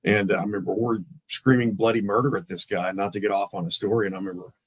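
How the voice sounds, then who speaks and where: Animated storytelling man. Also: on the low side, quick pace, breathy edge, no room sound, low-quality recording. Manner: animated, acts out the voices in his stories. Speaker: police lieutenant guest. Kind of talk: casual storytelling in a podcast interview.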